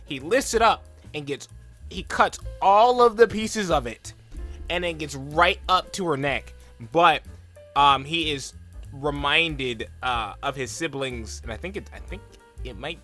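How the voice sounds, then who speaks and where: A young man with a bright, sharp-edged voice talks through an episode recap in a loose, rambling way. He leans on "like" and "um", and slips into quick put-on voices for the characters. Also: a little high. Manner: rambling, filler-heavy retelling, full of "like" and "um". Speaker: anime reaction vlogger. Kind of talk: casual episode recap and reaction.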